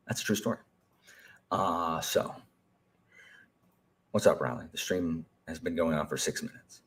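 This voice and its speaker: A young man talking casually to a live stream chat, rambling and animated, with many fillers and restarts. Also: rumbling low, unhurried, pauses often. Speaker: teacher.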